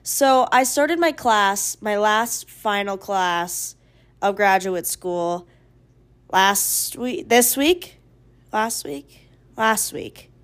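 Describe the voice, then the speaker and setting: A woman's voice: mid-range voice, expressive, drawn-out words, fairly bright tone. A woman in her twenties hosting a casual solo podcast, rambling freely with plenty of swearing and playfully sing-song, oddly stressed words. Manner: chatty and rambling, with frequent swearing. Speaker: podcast host.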